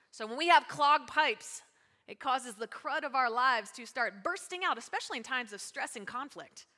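A woman pastor giving a lively, conversational sermon, calling out to her congregation. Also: fairly high pitch. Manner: lively, conversational preaching with audience call-outs. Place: church sanctuary. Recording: long hall reverb.

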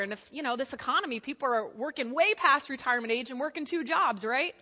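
A woman preaching a lively sermon in church, telling jokey stories and acting out quotes. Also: high-pitched, quick pace, few pauses.

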